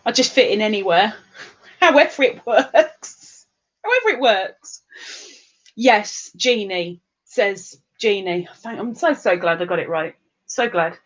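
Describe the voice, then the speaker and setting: A woman's voice: mid-range voice, sing-song, unhurried. An English woman hosting a live stream, chatting casually and rambling with restarts as she reads out viewer comments. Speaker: livestream host.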